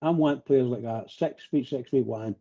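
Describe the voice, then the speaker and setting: A man's voice: medium pitch, moderate pace, mellow, highs cut off. A man talking passionately on a live radio phone-in, rambling and repeating himself as he gets worked up. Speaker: phone-in pundit.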